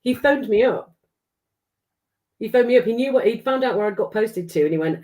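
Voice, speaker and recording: A woman's voice: a little high, lively intonation, brisk, long pauses, a little mellow. A middle-aged woman from England, chatting casually as a podcast guest, swearing freely and acting out the dialogue in her stories. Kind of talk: casual storytelling chat.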